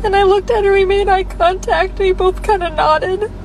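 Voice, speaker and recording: A woman quietly telling a sad story to camera, out on a street. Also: very high-pitched, steady tone, moderate pace, a little hiss or hum, low-quality recording.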